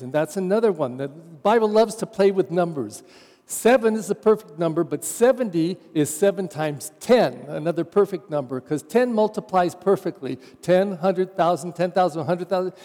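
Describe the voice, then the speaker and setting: Male pastor, homily, mellow tone, reverberant church, easy conversational delivery. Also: high-pitched. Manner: conversational, wry asides. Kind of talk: sermon.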